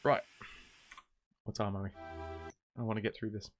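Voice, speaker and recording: A man's voice: lowish voice, level tone, moderate pace, soft background music. A man streaming a game, chatting casually and rambling with jokes as he plays. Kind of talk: casual gameplay commentary.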